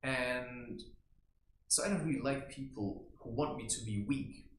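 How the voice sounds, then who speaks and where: A man's voice: medium pitch, a little slow, a little hiss or hum, lightly acted. A man playing a blunt, boastful macho barbarian in a rambling comic monologue, keeps tossing in "right?", recorded in a room. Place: room indoors. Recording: echoey room.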